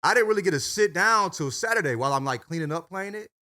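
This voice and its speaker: A man's voice: high voice, lively intonation, quick pace, bright, forceful tone. A man co-hosting a podcast, talking animatedly and casually with lots of swearing and filler. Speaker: podcast co-host. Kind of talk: casual chat.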